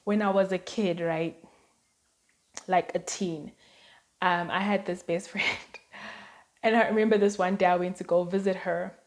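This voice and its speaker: A woman vlogger chats casually to camera, telling personal stories littered with "like" and "um." Her voice is lowish with fairly even intonation, and she speaks a bit slowly, pausing often.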